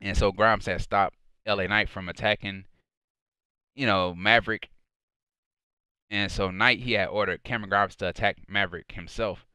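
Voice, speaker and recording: A man's voice: lowish voice, fairly even intonation, normal speed, pauses often, sharp tone, clear, resonant tone, no room sound, studio quality. A man recapping a wrestling show alone in a casual, rambling way, full of fillers, sometimes acting out quotes with mock heat. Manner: quotes others in a mock-heated voice.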